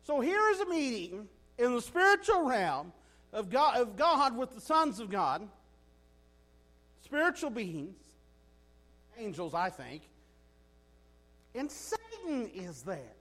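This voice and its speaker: A man preaching a sermon in a folksy, animated way, often asking his listeners "right?". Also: extremely high pitch, slow pace, long pauses.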